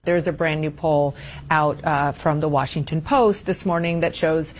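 A woman's voice: low-pitched, steady tone, moderate pace, slight background noise. A woman news anchor discussing poll numbers on a cable news panel, earnest and dismayed.

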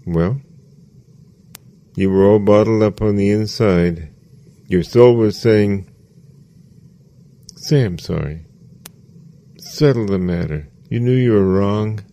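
A man with a low, mellow voice gives a slow, measured sermon. He repeats his phrases for emphasis. The recording is dry and close. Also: dry recording. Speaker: spiritual teacher.

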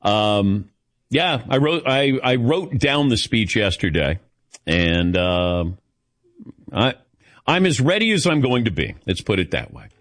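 A man's voice: on the low side, sing-song, measured pace, fairly bright tone, dry recording. A man hosting a sports call-in radio show, chatting easily and rambling through stories. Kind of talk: casual call-in chat.

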